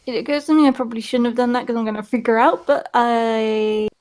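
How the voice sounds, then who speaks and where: A woman playing a tabletop game, talking in character in an apologetic, halting way. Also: fairly high pitch, fairly even intonation, darkish tone. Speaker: player. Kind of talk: in-character tabletop role-play.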